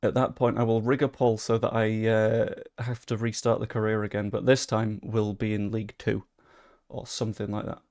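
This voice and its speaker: Gravelly young man commentating gameplay. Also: on the low side, normal speed. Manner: chatty, swearing, excitable bursts. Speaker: gaming streamer.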